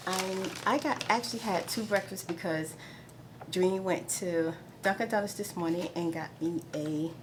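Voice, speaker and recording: A woman's voice: lowish voice, moderate pace. A middle-aged woman hosting her own video blog in a chatty, rambling way, with exasperated asides. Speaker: vlogger host. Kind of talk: casual chat. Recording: noticeable background noise.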